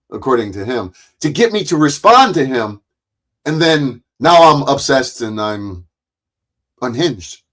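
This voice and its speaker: A man streaming live, ranting in a profane, rambling and heated way about people who bait him. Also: a little high. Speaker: live streamer reacting to clips.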